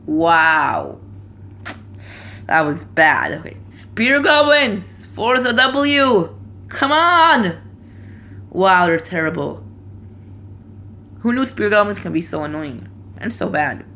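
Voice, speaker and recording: A woman hosting a gaming video, commenting excitably on gameplay and shouting at the action. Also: lowish voice. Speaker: gaming channel host.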